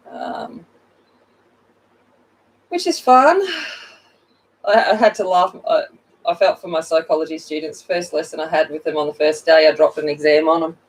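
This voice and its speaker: A woman's voice: sits low, distant mic, poor audio. A middle-aged woman chatting casually while she colors on a livestream, greeting viewers by name and laughing at herself. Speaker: coloring channel host.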